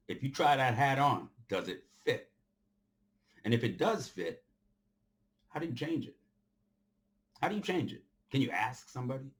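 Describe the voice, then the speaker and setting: Forceful, preachy man lecturing. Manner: forceful and preachy, repeats phrases for emphasis; swings between loud outbursts and low, quiet stretches. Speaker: commentator addressing his followers. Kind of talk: off-the-cuff impassioned monologue.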